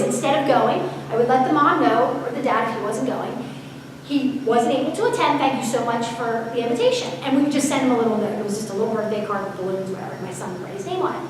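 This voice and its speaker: A woman giving a parenting seminar, telling stories in a chatty way and asking the audience questions. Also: sits high. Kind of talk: conversational seminar talk. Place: large echoey hall. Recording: echoey hall recorded from far off, faint hiss.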